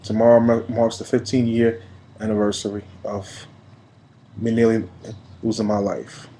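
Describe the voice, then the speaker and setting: A man in his late thirties from New York, giving an emphatic, preachy personal video message that swings between quiet and loud. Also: on the low side, little pitch movement, normal speed, slight background noise, rough recording. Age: 30s. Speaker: vlogger.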